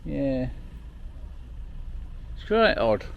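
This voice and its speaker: A man's voice: mid-range voice, sing-song, extremely slow, creaky, lo-fi sound. A man talking casually to camera outdoors on a travel vlog, rambling and emotional, with the odd swear word. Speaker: overland travel vlogger. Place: outdoors at the end of a road.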